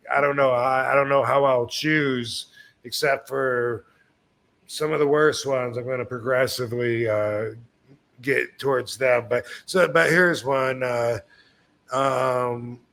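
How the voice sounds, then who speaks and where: A man's voice: medium pitch, creaky, fairly bright tone. Man, podcast host, casual chat, rambling, lots of ums and restarts, laughs often. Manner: rambling, with many fillers and restarts; laughs between remarks.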